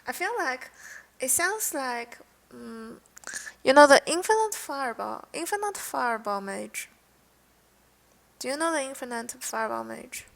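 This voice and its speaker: Gravelly-voiced young woman streamer. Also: high-pitched, animated. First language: not English. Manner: halting, restarts often, reads card text aloud. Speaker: game streamer reviewing cards. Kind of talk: casual live-stream chat. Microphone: headset.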